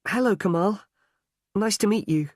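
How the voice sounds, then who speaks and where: A man's voice: high-pitched, moderate pace, darkish tone, dry recording, clean studio sound, voice pushed up, lightly acted. A man reading a story aloud, voicing a young woman in a raised voice. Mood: warm. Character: young woman, frightened then relieved.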